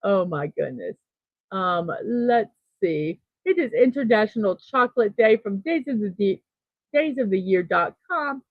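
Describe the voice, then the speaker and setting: Slow, chatty woman hosting a morning stream. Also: medium pitch, expressive, no echo, phone-quality sound. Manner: slow, chatty, thinking aloud, with soft laughs. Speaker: host of a daily morning livestream. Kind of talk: casual livestream chat, reading chat messages.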